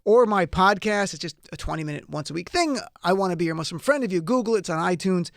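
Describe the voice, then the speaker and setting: An excitable male radio host with a high, gravelly voice. He runs through his show plan in an energetic studio monologue full of wry asides. The sound is dry and close to the mic. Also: quick pace, dry recording. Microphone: studio microphone.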